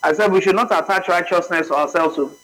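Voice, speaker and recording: A man's voice: high-pitched, fast, fairly bright tone, low-quality recording. A man joining a casual discussion, chiming in with agreement and brief remarks. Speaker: co-speaker.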